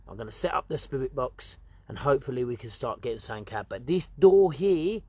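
A man with an Essex accent, a paranormal investigator talking casually and excitedly in a churchyard at night, swearing and slangy, recorded on a handheld camera. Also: medium pitch, a little fast. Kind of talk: casual ghost-hunting vlog.

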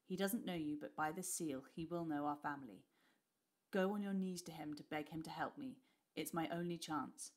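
Woman reading as a scared grave father, lowered urgent voice, quiet and soft. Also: normal speed. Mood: urgent hushed. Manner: urgent, hushed, trembling. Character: frightened Tudor father, grave and weary.

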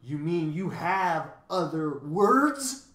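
A man's voice: medium pitch, lively intonation, normal speed, a bit bright, lightly acted. A man voicing a pesky, dirty male bird who cackles and twists everyone's words, in a roomy recording.

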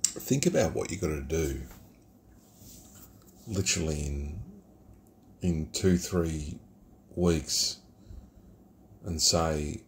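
A man's voice: extremely low pitch, takes it slowly, pauses often, slight background noise. A middle-aged Australian man reviewing beer in a casual vlog, rambling and reflective and swearing freely. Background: geckos and night ambience.

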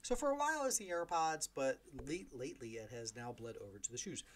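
A man in his forties, a podcast host, telling a personal story in a casual, animated way, acting out the dialogue and making self-deprecating asides. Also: a little high, a little fast. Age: 40s.

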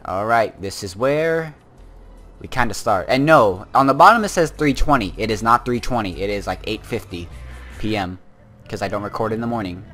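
A man's voice: fairly low pitch, animated, moderate pace, fairly bright tone, faint music behind. A man giving casual let's play commentary on a war game, full of chatty, rambling asides.

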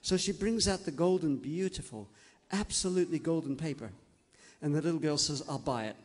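A man tells a story to a group of children, gentle and coaxing, checking in with them as he goes. His voice sits a little high. It carries a long echo through a large hall. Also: fairly quick.

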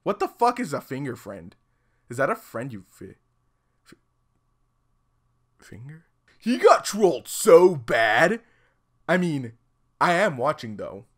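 A man giving comedic video commentary, sarcastic and prone to loud outbursts. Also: fairly high pitch, sing-song, takes it slowly, pauses often.

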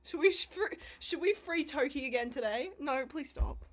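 Brief: high-voiced woman, game streamer, erratic volume, profane and self-mocking. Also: normal speed, soft background music. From Australia. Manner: loud, swings from mumbling to screaming; swears freely, self-mocking. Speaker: livestreamer. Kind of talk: casual streaming chat.

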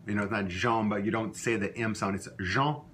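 Man teaching words slowly. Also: lowish voice, steady tone, a bit bright. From Louisiana. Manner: repeats words slowly for learners to copy. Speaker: language teacher. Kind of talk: recorded language lesson.

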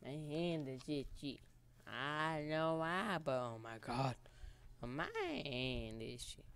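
A man's voice: medium pitch, takes it slowly, a bit bright, clean tone. A man giving casual gameplay commentary in nervous, rambling remarks. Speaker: gamer.

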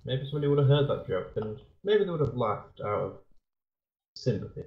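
A man's voice: medium pitch, sing-song, brisk. A man co-hosting a let's play, trading dry, absurd jokes in casual banter. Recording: roomy lo-fi sound with faint music.

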